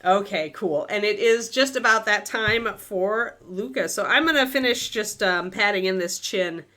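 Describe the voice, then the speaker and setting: A woman's voice: medium pitch, moderate pace, pushed and bright. A woman hosting a miniature-painting livestream, chatting casually and thinking aloud with many fillers.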